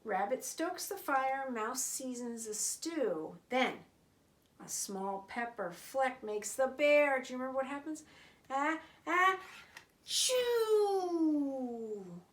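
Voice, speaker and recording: A woman reading a picture book aloud to children in an expressive, sing-song way. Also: high-pitched, unhurried. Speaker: storyteller.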